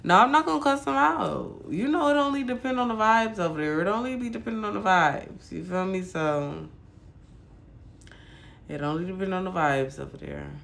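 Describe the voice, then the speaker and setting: A woman's voice: mid-range voice, normal speed, creaky, fairly bright tone. A woman from Michigan hosting a casual livestream chat, ranting bluntly and cursing freely at her viewers. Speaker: livestream host.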